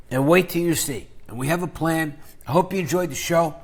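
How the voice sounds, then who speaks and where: A man with a somewhat high voice rants through an investing vlog. His talk is crude and profane, and he mocks rivals with sudden loud jabs. He rambles loosely from point to point. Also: a little fast, hardly any pauses. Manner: crude, profane, mocking shock-jock banter. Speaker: finance YouTuber.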